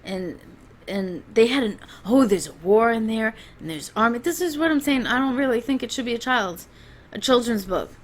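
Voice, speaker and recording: A woman's voice: on the high side, lively intonation, normal speed. A woman giving a rambling, chatty spoken book review, talking from home with frequent restarts.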